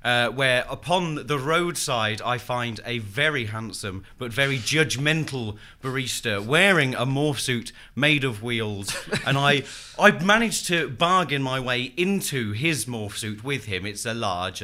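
A man's voice: mid-range voice, animated, measured pace, few pauses, bright, forceful tone. A man telling an improvised comic story, hesitant and full of fillers and laughs. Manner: rambling, hesitant, laughing often. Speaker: comedy game player.

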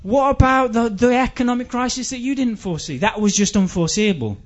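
Brief: male stand-up, high voice, rambling and stammering, muffled lo-fi live recording. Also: brisk, few pauses. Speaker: stand-up comedian. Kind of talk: stand-up comedy.

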